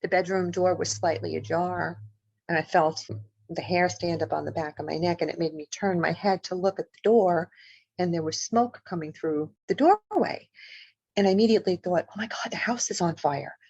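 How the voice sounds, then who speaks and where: A woman with a low-set voice tells her story as a guest in an interview, vividly and with feeling, and acts out what people said. The sound is dry and close, a bit muffled, as on a remote call. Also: normal speed, gravelly, darkish tone, breathy edge, no echo. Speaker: author and paranormal investigator, guest.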